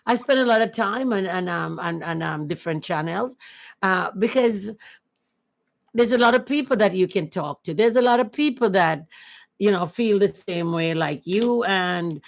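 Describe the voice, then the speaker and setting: A woman's voice: mid-range voice, normal speed, vocal fry. A woman chatting casually and earnestly on her first livestream, repeating herself often. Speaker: livestream host.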